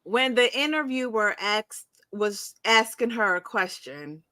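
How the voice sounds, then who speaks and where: A young woman co-hosting a podcast, chatting about a cooking show in an animated, emphatic, slangy way. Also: fairly high pitch, a little slow, no echo. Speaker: podcast co-host. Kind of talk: casual chat reviewing a cooking show.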